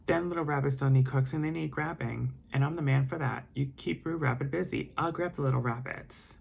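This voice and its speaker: Guy doing smug sly fox, gravelly drawl, storybook style. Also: medium pitch, a little fast. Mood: scheming. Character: crafty grinning male fox.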